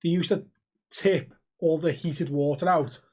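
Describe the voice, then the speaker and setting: A man's voice: on the high side, steady tone, unhurried, a little mellow. A man, co-hosting a podcast and telling sweary, laughing anecdotes in casual banter. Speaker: podcast co-host.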